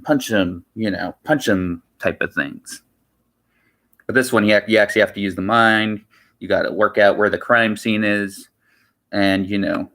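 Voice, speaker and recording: A male streamer talks loosely to his viewers, wandering from point to point and repeating himself. His voice sits a bit low, yet it has a bright, forceful edge. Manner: rambling, repeats himself, many "you know" fillers. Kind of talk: casual livestream chat.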